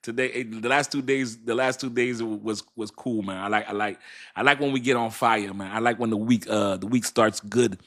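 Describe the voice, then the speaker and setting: A man's voice: fairly low pitch, fairly even intonation, normal speed, a bit bright. A middle-aged man hosts a casual crypto livestream, reading viewer names, laughing often and talking loosely to his audience.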